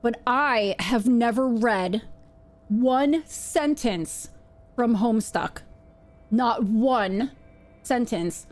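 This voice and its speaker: A woman hosts a live game stream, chatting casually and laughing often in a playful way. Her voice sits on the higher side and swings widely, and she speaks at an unhurried pace. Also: expressive, a little mellow.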